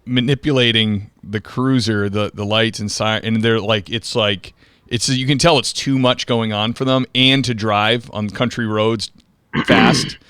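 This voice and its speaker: A man's voice: fairly low pitch, unhurried, clean tone, no echo. Chatty middle-aged male podcast host. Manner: relaxed, chatty, many fillers. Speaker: podcast host, police officer. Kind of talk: casual interview chat.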